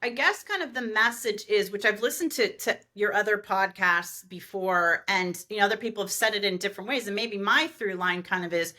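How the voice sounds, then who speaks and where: Bright, lively woman event planner. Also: mid-range voice, brisk, few pauses. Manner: animated, rambling anecdotes with many fillers. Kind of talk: podcast interview storytelling.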